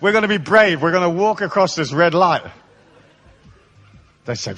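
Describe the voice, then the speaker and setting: A man's voice: high voice, animated, moderate pace, long pauses, fairly bright tone. A man giving a live seminar talk to an audience, irreverent and playful, swearing freely as he tells stories. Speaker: seminar speaker.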